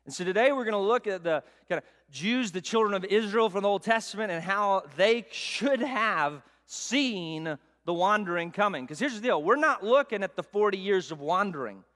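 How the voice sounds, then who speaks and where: A man preaching a sermon, telling a self-mocking story in an animated way. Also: sits high, normal speed. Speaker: pastor. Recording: long hall reverb.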